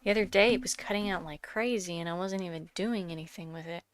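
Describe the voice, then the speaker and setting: Narrating her sculpting in casual chat, a congested woman coughs, searches for words, and occasionally drops to a whisper. She's a vlogger with a fairly low voice and a quick pace.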